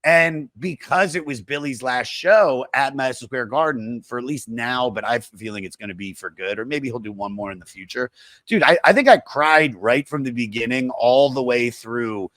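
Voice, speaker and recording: A man's voice: medium pitch, moderate pace, a bit bright, no echo. A man hosting a podcast in loose, profane casual chat, laughing often. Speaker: podcast host.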